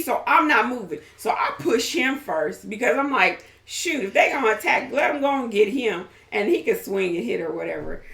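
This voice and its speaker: Lively woman with a bright, bouncy voice. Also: high-pitched, echoey room. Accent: Southern US. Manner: lively, talks over her partner, laughs. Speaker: co-host, host's wife. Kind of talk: casual storytelling chat.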